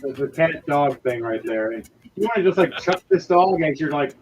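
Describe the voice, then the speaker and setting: A man's voice: on the high side, lively intonation, normal speed, soft background music. A man narrating as game master, rambling with lots of restarts.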